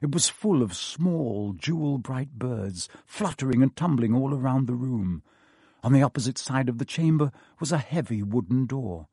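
A man reading a storybook aloud in an expressive, varied narration. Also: mid-range voice, normal speed, slightly rough, dry recording, studio quality. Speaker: audiobook narrator.

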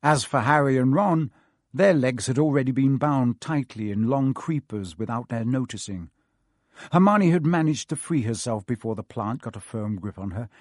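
A man reading a storybook aloud in an expressive, varied narration. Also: mid-range voice, moderate pace, no room sound, studio quality. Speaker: audiobook narrator.

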